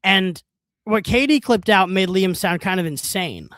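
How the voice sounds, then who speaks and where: Brief: male co-host with a high voice, dry close sound, rambling and amused. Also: expressive, a little slow, fairly bright tone, no room sound. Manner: rambling, amused, full of fillers. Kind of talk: casual gossipy chat.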